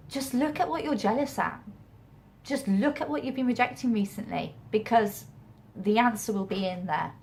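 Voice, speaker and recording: A young Englishwoman with a mixed regional accent vlogs about acting, chatting casually to camera and rambling with restarts. Her voice is medium-pitched with a darkish tone, and there's a little hiss or hum.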